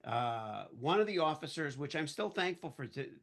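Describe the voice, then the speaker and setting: A man guest on a podcast, telling a casual anecdote in an animated way and acting out the voices of the people in it. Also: fairly high pitch, moderate pace, gravelly. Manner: animated storyteller who acts out quoted voices.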